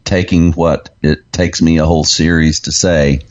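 A man hosting a talk show who also preaches. He speaks in a halting way, with fillers and laughs. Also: extremely low pitch, fairly even intonation, muffled recording. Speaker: host and preacher. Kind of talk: casual talk show chat.

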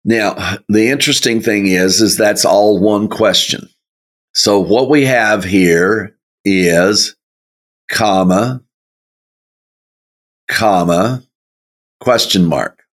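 A man leading a verse-by-verse Bible study, speaking in a slow, folksy way with chuckling asides. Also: fairly low pitch, fairly bright tone. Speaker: Bible teacher.

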